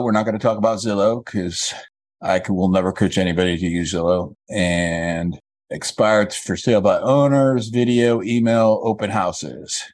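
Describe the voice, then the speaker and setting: A man coaching a real estate agent one-on-one, working through points methodically and repeating key phrases slowly. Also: fairly low pitch.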